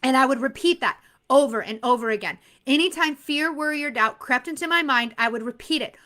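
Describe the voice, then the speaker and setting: A woman exam prep instructor giving an energetic, emphatic motivational talk to her students. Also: sits high, a little fast. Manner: energetic and emphatic, laughs often.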